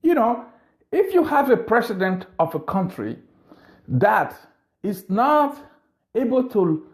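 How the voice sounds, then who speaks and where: A man's voice: high-pitched, big pitch swings, slow. A man giving an impassioned political monologue, indignant and full of rhetorical questions. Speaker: political commentator.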